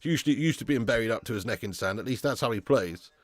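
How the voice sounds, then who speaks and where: Viewer comments get read aloud by a young football fan stream host who keeps things casual and bantering, laughs frequently, and calls everyone lad or mate. His mid-range voice is expressive and fast, and the recording is dry.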